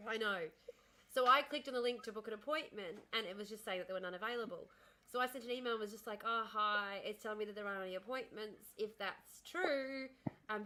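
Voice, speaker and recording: A woman hosting a livestream who talks in long, rambling stories. She chats casually. Her voice sits at a middling pitch. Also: pushed and bright, low-quality recording. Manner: rambling, chatty storytelling. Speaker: livestream host. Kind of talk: casual chat.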